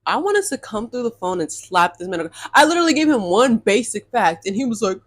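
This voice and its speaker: A young woman telling a dating storytime to her viewers, animated and exasperated, swearing freely and calling her audience y'all. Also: fairly high pitch, fairly quick, few pauses. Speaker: storytime vlogger. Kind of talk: casual storytime rant.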